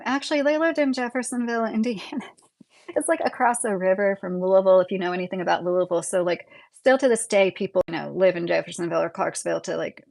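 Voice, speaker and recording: A woman's voice: on the low side, gravelly, no echo. A woman with a Midwestern American accent hosting a casual livestream, rambling and answering viewer comments with lots of fillers. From United States. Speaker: livestream host.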